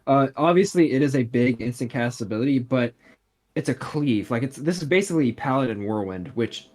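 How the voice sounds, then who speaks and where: Male podcast guest, mid-pitched, eager, filler-heavy casual chat. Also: lively intonation, fairly quick, darkish tone. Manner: filler-heavy, enthusiastic, lots of "like".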